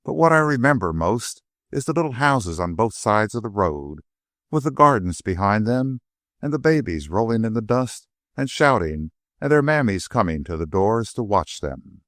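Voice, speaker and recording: A man voicing an elderly male servant who speaks softly and slowly, looking back on his past. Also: on the low side, big pitch swings, no room sound, clean studio sound. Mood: wistful.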